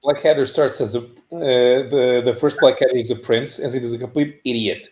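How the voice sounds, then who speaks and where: A man's voice: mid-range voice, fairly even intonation, fairly quick, darkish tone, echoey room. A man on a casual talk podcast, explaining things at length with frequent restarts. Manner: long explanations with many restarts. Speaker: podcast panelist. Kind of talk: casual chat.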